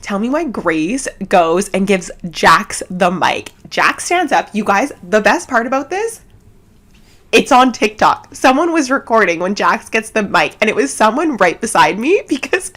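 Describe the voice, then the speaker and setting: A woman from Canada hosting a casual chat podcast at home, giggly and rambling, talking fast with lots of fillers. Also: mid-range voice, sing-song, fairly bright tone. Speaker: podcast host. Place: home setup, seated cross-legged.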